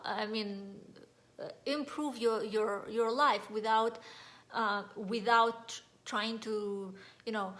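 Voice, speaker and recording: A woman's voice: on the high side, a bit bright. A woman from Russia, giving a rambling, earnest motivational talk on mindset, with a slightly nasal voice and many fillers. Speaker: mindset coach.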